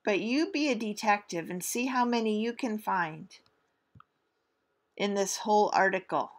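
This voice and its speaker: A middle-aged woman teacher giving a recorded spelling lesson, speaking deliberately and stretching out sounds to demonstrate them. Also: mid-range voice.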